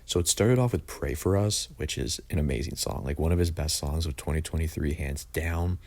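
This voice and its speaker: A man's voice: extremely low pitch, fairly quick, vocal fry, darkish tone. A young man reviewing music in a casual, opinionated way, blunt and full of "like". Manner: opinionated, blunt, says "like" often. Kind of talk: casual album ranking review.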